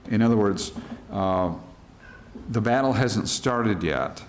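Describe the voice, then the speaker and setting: A middle-aged American man speaks slowly in a fairly low voice while leading a church Bible study. He works through worksheet questions plainly and conversationally, retelling scripture in everyday words. There's slight background noise.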